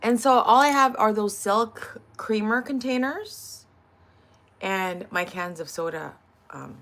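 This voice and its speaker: Animated woman livestream host. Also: mid-range voice, takes it slowly. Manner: animated storytelling, greets viewers. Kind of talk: casual chat while cooking.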